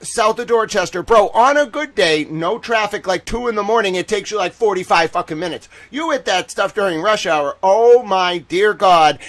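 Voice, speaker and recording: A man with a Boston accent hosting a casual livestream chat, ranting and joking with heavy swearing and frequent laughter while talking to viewers in chat. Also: a little high. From Boston, Massachusetts. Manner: animated, jokey, laughs often; addresses chat viewers by name. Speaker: livestream host.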